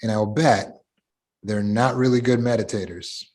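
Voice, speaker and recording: A middle-aged man leading a support group discussion over a video call as a coach, talking through examples in an animated way. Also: lowish voice, unhurried.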